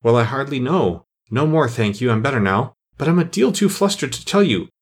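A man voicing a feeble, flustered little male lizard with a squeaky voice in a storybook. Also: animated, brisk, breathy edge. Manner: breathless, stammering, flustered.

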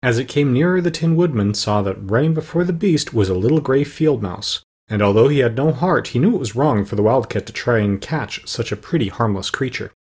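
A man reads a storybook aloud in a steady, plain narrating voice, with a small slip now and then. His tone is husky and sits at an ordinary male pitch. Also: fairly quick, few pauses. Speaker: audiobook narrator.

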